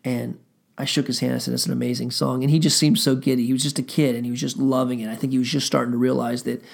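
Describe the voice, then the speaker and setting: Gravelly middle-aged guy, musician, rambling loose storytelling, lots of ums. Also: mid-range voice, little pitch movement, fast talker, a little mellow. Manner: rambling, frequent fillers and swearing. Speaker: musician telling stories. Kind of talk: casual storytelling.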